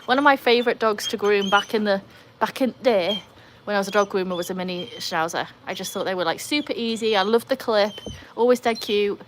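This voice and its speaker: An Englishwoman from England with an English accent hosts a relaxed live stream beside a backyard pool, casually chatting and reading chat as viewers join. Her fairly quick, ordinary mid-pitched voice jumps up high and bright with excitement whenever she greets someone, while faint outdoor ambience hums behind her.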